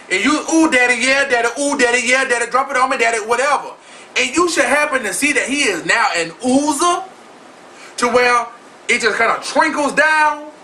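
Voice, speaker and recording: A man's voice: very high-pitched, pushed and bright, distant mic, a little hiss or hum, poor audio. A man hosting his own video blog, delivering a sassy, flamboyant and profane celebrity gossip rant straight to his viewers. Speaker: vlog host.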